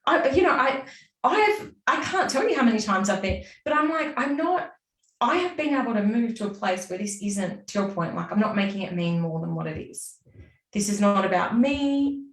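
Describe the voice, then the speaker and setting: Animated woman, roomy distant sound. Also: medium pitch, normal speed. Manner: animated, acts out her own inner voice. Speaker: guest, business mentor. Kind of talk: casual interview chat.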